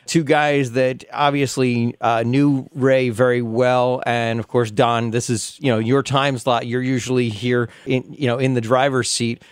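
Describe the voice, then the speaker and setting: A man's voice: medium pitch, clear, resonant tone, no echo, clean studio sound. A man hosting a radio show, talking casually and hesitantly with many fillers. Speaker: radio host.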